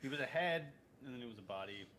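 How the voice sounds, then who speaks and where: A mid-pitched man playing a tabletop game, a little drunk and slurring slightly. He rambles and corrects himself as he recaps. A faint hiss sits behind him. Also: lively intonation, quick pace, bright, forceful tone. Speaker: player. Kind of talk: casual tabletop game chat.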